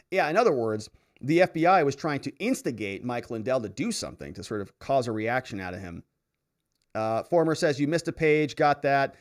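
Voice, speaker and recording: A man hosting a live stream, reading viewer comments aloud and reacting with frequent laughter and exclamations. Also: medium pitch. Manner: animated, laughs often, reacts loudly to comments. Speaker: livestream host reading viewer chats. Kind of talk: casual live-stream chat.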